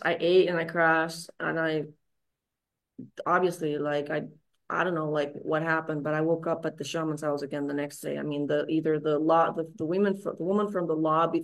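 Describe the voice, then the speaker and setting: Podcast guest, woman, middle-aged, low voice; candid, unpolished storytelling full of restarts. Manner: raw, frank, swearing, many fillers and restarts.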